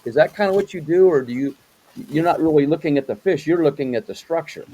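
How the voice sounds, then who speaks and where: A man's voice: on the high side, quick pace, mellow, a little hiss or hum, poor audio. A man hosting a casual interview, talking loosely and rambling, with lots of fillers and agreeing noises. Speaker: host.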